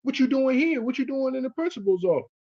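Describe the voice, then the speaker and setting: A man's voice: very high voice, expressive, fast talker, pitched above the performer's own voice. A man voicing an eager adult male college scout who rattles off details, on muffled lo-fi audio.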